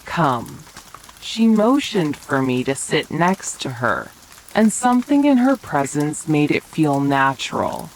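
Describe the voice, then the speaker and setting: A woman telling a romantic bedtime story in a soft, whispered role-play. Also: sits low, big pitch swings, slight background noise, rough recording. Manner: slow, soft bedtime narration. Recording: faint rain sounds behind.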